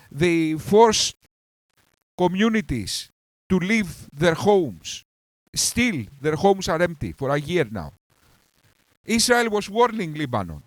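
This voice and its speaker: A man hosting a reaction commentary, talking with heated scorn and insults and swinging between outbursts and calmer stretches. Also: high-pitched, dry recording. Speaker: commentary channel host.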